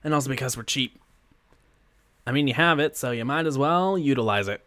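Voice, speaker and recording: Here a man with a mid-range, slightly bright voice talks a little fast, chatting and rambling through casual gameplay commentary. He giggles often, speaking close to a pop-filtered mic, and there's a little hiss or hum.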